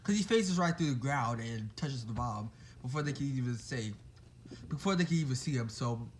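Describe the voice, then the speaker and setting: A young man casually retelling a fan story, rambling and excitable, full of fillers and quick apologies. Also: mid-range voice, slight background noise.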